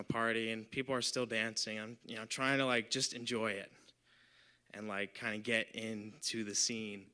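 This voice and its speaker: A young man in his twenties tells a personal story on a live storytelling stage. His voice is bright and tense, crisp and clean, loose and chatty, with constant "like" and "you know" fillers. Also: on the low side. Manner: casual, filler-heavy, lots of "like" and "you know". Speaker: volunteer storyteller.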